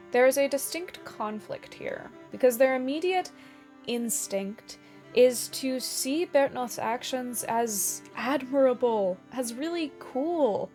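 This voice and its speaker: A woman narrating a scripted video essay in a measured, explanatory way, with dramatic emphasis on key lines. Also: high voice, animated, a little mellow, soft background music.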